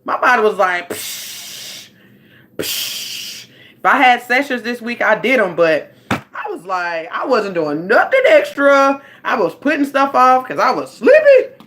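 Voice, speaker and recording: A chatty woman rambles to her livestream viewers, speaking into a phone at home in a loose, conversational way, like a life coach catching up with her audience. Her voice is a little high and sing-song, fairly bright in tone, at a normal speed.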